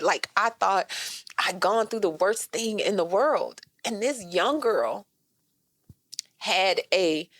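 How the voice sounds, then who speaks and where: A woman in her thirties telling a personal story on a podcast, animated and direct, calling listeners "y'all" and "girl". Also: mid-range voice, slow pace, no room sound. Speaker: guest.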